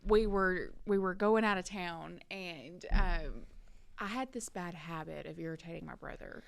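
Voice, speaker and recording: With a lowish voice, vocal fry and an unhurried delivery, this podcast co-host shares a funny family story. She's animated and keeps laughing as she tells it in a casual way.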